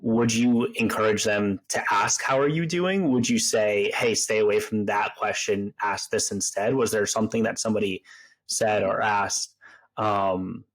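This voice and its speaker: A man's voice: lowish voice, level tone, unhurried, poor audio. A man hosting a podcast interview, reflective and sympathetic, often restarting his sentences. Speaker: podcast host. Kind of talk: interview conversation.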